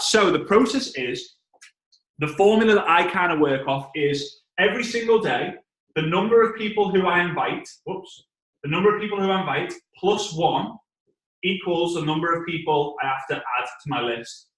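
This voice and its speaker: A British man giving an energetic, jokey network marketing training on a video call. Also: a little high, roomy sound. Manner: playful, jokey, breaks into song.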